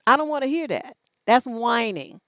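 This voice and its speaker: A woman's voice: a little high, lively intonation, moderate pace, no echo. A woman relationship coach on a livestream advice show, reading out letters and answering in a blunt, profane, scolding way.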